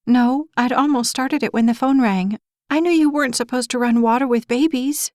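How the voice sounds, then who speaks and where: A woman's voice: sits high, steady tone, a little slow, dry recording, voice pushed up. A woman reading a frightened young mother of about twenty who is close to hysteria, pleading in a rising voice, in an audiobook. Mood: panicked.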